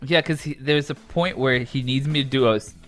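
A man's voice: medium pitch, brisk, fairly bright tone, faint music behind. A man co-hosting a podcast, chatting casually and reading aloud while laughing through his lines and swearing. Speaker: podcast co-host.

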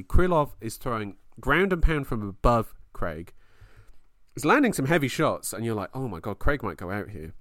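A man co-hosting a casual fight podcast, excitable, laughing often and swearing freely. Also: mid-range voice, dry recording, clean studio sound. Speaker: podcast co-host.

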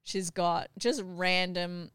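Smooth-voiced mum telling a story. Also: female voice, on the low side, slow, no echo, studio quality. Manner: animated, acts out what others said, laughs while telling. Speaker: podcast host and mother. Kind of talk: casual family podcast storytelling.

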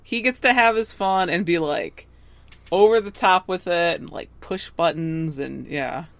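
A woman co-hosting a podcast in casual chat, relaxed and dry in manner, going through her notes. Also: fairly low pitch, measured pace, creaky, dry recording. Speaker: podcast co-host.

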